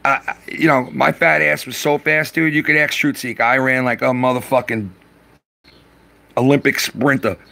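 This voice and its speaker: A man's voice: mid-range voice, fairly even intonation, normal speed, vocal fry, bright, forceful tone. A middle-aged man chatting on a live stream, swearing freely and rambling through stories from his youth. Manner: profane, rambling storyteller. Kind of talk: casual live-stream chat.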